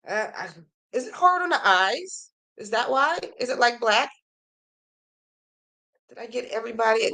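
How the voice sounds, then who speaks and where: A woman's mid-range, somewhat bright voice hosts a crochet podcast, casually and eagerly reading emails from viewers and gushing over what they've made. Her voice is a little worn, as if she's slightly losing it.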